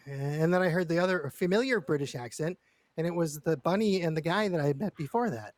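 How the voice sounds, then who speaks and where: A man's voice: on the high side, fairly quick, no echo. A man telling a long story in character during a roleplay session, rambling and stammering with lots of repeated words and casual swearing.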